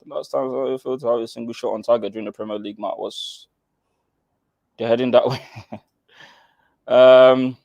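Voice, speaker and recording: A man with a Nigerian accent co-hosting a football chat show, animated and teasing, repeating himself as he jokes. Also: medium pitch, normal speed, gravelly, long pauses, dry recording.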